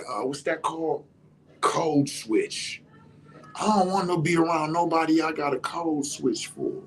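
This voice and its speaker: Young man, podcast host, casual storytelling, fairly high voice, animated, swears a lot, gets loud.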